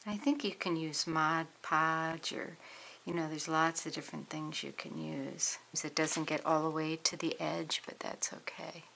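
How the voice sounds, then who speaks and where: A woman's voice: sits low, slight background noise. Chatty woman narrating a craft tutorial. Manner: relaxed, chatty, thinking aloud while working. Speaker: crafter demonstrating a project.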